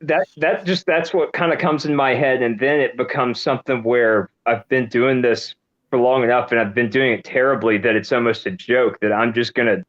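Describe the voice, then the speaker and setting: A man's voice: medium pitch, fairly even intonation, normal speed, a bit bright, lo-fi sound. A man guesting on a podcast over a video call, easygoing and laughing at himself. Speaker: guest YouTuber. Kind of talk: casual chat.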